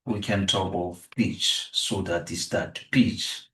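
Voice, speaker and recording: Slow, deliberate male teacher, echoey room. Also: deep voice, fairly even intonation, a bit bright, a little hiss or hum. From South Africa. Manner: repetitive, restates each answer. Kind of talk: exam revision lesson. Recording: echoey room, distant from the mic.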